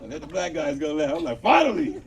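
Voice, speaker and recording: A man's voice: on the high side, steady tone, fast talker, creaky, distant mic. A man doing a crude stand-up comedy set at an outdoor show, telling stories with voiced quotes and talking to the crowd. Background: crowd laughing.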